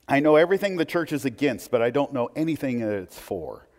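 A man's voice: mid-range voice, big pitch swings, fairly quick, a little mellow. A man preaching a sermon in a conversational way, with asides and restarts. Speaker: pastor. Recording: long hall reverb.

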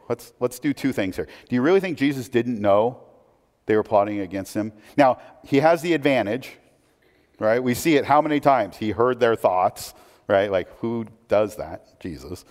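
A male pastor delivers a relaxed, conversational sermon, rambling a little with fillers and self-deprecating asides. His voice sits at an ordinary middle pitch. The church hall gives it a long, trailing reverb. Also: normal speed. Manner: chatty, self-deprecating, many fillers and restarts. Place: church sanctuary.

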